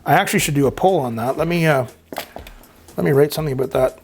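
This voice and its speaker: Reading viewer comments aloud on his channel, a Canadian man in his 50s talks fast in a slightly high voice. He's chatty and loose, wandering off on tangents with frequent filler words.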